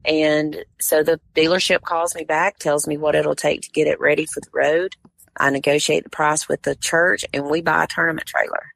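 A woman's voice: low voice, little pitch movement, normal speed, gravelly, fairly bright tone. A woman tournament director, a guest on a podcast, telling a story in casual conversation and acting out what others said.

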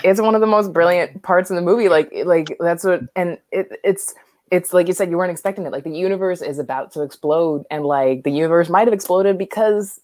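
A woman co-hosts a podcast, chatting casually about a film in a rambling way, laughing often and full of fillers and restarts. Her voice is lowish and darkish, brisk in pace, on a dry recording.

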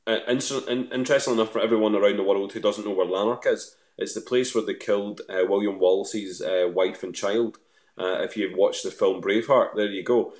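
A Scottish man talks in a loose, rambling, self-mocking way, full of restarts. His voice sits low. The room around him rings with echo. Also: steady tone, a little fast, a little mellow. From Scotland. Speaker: guest. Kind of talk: casual chat.

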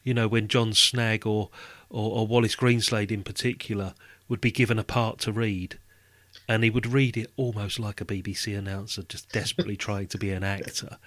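A man's voice: on the low side, little pitch movement, fairly quick, a bit bright, no echo. Male guest, casual chat, rambling, dry booth sound. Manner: rambling, many restarts and "you know". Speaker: podcast guest.

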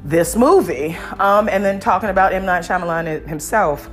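A woman hosts a solo podcast with a notably low voice. She reviews a movie in a loose, rambling way, stopping for ums and restarts. Her opinions come out blunt and exasperated over faint music. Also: animated, moderate pace. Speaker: podcast host.

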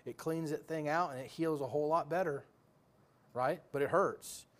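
A man's voice: fairly high pitch, normal speed. A man preaching a sermon in a folksy, joking way, full of rhetorical questions.

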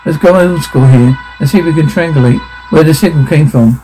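A man's voice: a little high, fairly quick, warm tone, soft background music, natural voice, low-quality recording. A man playing a lonely radio operator who has been cut off for years. He calls out in urgent radio call signs, as part of a script read-through where he voices every role. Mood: musing.

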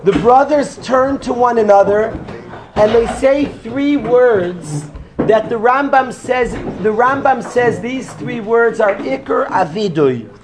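A man with a notably high voice teaches as a rabbi, lecturing a classroom of students. He repeats key phrases and quizzes listeners by name as he goes. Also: animated, slow, background noise.

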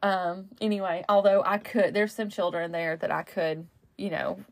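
A woman's voice: fairly low pitch, steady tone, moderate pace, dry recording. A woman hosting her own podcast, talking in a rambling, casual way full of fillers and self-corrections. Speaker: podcast host. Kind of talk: casual solo podcast monologue.

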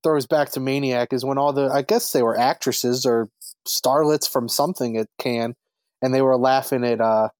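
A relaxed man co-hosting a film podcast, talking at a middling pitch with filler words and easy laughs. His voice is recorded close and dry. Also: normal speed, clean tone, no echo. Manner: easygoing, hesitant, laughs along. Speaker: podcast co-host. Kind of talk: casual film review chat.

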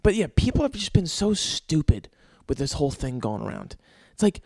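A man's voice: a little high, big pitch swings, normal speed, creaky, darkish tone, no room sound, studio quality. A young man hosting his own podcast, telling stories in an exasperated, profane, ranting way with sighs and laughs between bits. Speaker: podcast host. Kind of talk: casual comedic monologue.

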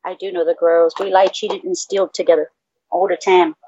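A woman's voice: on the low side, level tone, a little fast, warm tone, muffled recording, slight background noise. A woman from El Paso co-hosting a podcast in casual chat, cursing freely and erupting in mock-outraged outbursts. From El Paso, Texas. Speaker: podcast co-host.

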